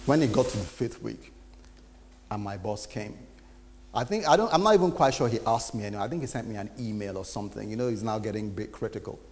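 A man preaching a testimony, telling a story in an animated way and acting out the voices in it. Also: on the low side, fast, long reverb tail, slight background noise. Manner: animated, acts out quoted dialogue. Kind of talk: sermon storytelling.

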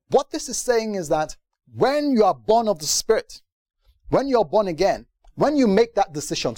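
Animated man preaching a sermon. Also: fairly high pitch, no room sound, clean studio sound. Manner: animated, swings from hushed to loud with rhetorical questions. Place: church gathering.

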